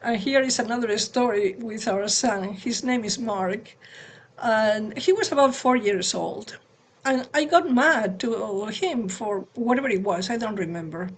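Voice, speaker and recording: A woman co-hosting a spiritual talk on parenting, speaking in a gentle, conversational way over a video call. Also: a little high, a little slow, slight background noise. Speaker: satsang co-host and parent.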